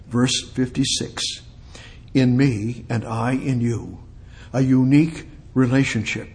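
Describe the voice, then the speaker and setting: A man's voice: mid-range voice, a little mellow. A man teaching a bible study sermon, reading verses aloud and then commenting on them with emphatic repetition. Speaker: preacher teaching scripture.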